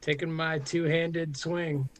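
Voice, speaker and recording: Joking male player, high voice, light noise. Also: level tone, takes it slowly. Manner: joking, playful. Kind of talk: casual tabletop play.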